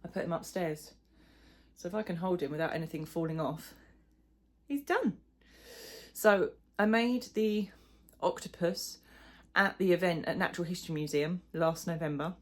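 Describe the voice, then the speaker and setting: A middle-aged woman with a fairly low voice and moderate pace chats casually in her crochet vlog. She rambles and pokes fun at herself, using plenty of fillers.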